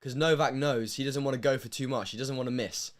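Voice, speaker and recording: A young man from the United Kingdom commentating a match on a live stream, emotional, with hushed stretches and loud bursts. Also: medium pitch, steady tone, fast talker.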